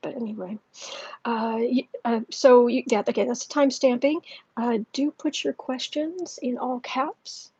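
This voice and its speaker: A woman hosting a livestream as a tarot reader, chatting casually with many fillers and restarts, speaking softly and gently and sometimes dropping to a near whisper. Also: a little high, fairly even intonation, unhurried, breathy edge, dry recording, muffled recording. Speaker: tarot reader and channel host.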